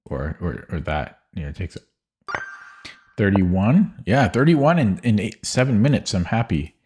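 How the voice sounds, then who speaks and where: Young male streamer, deep voice, unhurried, mumbles and corrects himself while thinking aloud. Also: very animated, a little hiss or hum. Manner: muttering, hesitant, self-correcting. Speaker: chess streamer.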